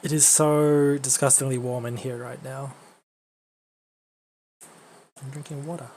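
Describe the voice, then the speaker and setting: A woman's voice: very deep voice, fairly even intonation, takes it slowly, mellow, slight background noise. A woman streaming a game, chatting casually and playfully with her chat. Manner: playful, breaks into silly voices.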